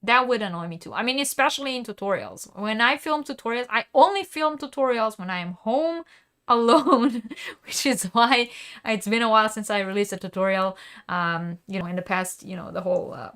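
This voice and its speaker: Bright, crisp-voiced woman hosting a live stream. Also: mid-range voice, normal speed. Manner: conversational, reads viewer comments aloud. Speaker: crochet channel host.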